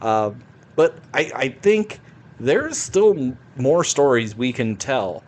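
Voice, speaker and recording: Man, podcast co-host, casual movie chat, quick, agreeable, mid-pitched voice. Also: sing-song. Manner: quick, chatty, agreeable with frequent backchannels. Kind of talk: casual film discussion.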